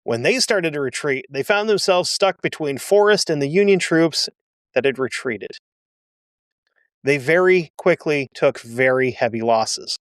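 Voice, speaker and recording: A man's voice: a little high, measured pace, dry recording, clean studio sound. A man hosting a history show, telling the story casually with blunt, sarcastic asides. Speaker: history podcast host.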